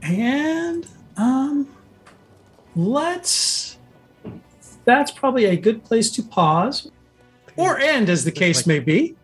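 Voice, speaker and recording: A man's voice: very high-pitched, very animated, extremely slow, long pauses, soft background music. A man narrating as game master of a tabletop game, rambling with lots of fillers.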